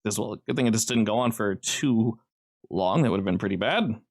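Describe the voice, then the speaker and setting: Low-voiced man running a tabletop game. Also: brisk. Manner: casual, loose narration with frequent fillers. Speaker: game master.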